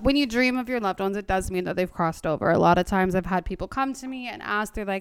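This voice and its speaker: A woman leading a paranormal discussion group, telling her own stories in an animated way, swearing and laughing, into a handheld microphone. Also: mid-range voice, fast talker, few pauses, clear, resonant tone. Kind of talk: casual storytelling to a group.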